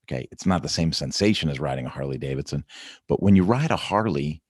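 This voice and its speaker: A middle-aged man talks through a casual morning check-in, upbeat and rambling, often checking in with the listener. His voice sits very low. The sound is dry and close, with no room around it. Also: lively intonation, fast, darkish tone, breathy edge, no room sound. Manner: chatty, rambling, upbeat with repeated "right?" and "you know". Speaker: vlog host.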